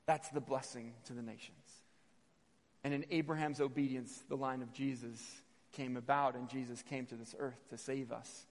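A man in his thirties giving a sermon with personal stories, animated and repeating phrases for emphasis, sometimes stumbling over words. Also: mid-range voice, normal speed. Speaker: missionary preacher. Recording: long hall reverb.

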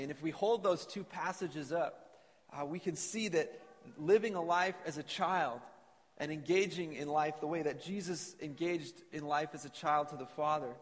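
A man preaching an earnest sermon to a congregation and reading scripture aloud in a church. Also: on the high side. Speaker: pastor. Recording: long reverb of a church hall.

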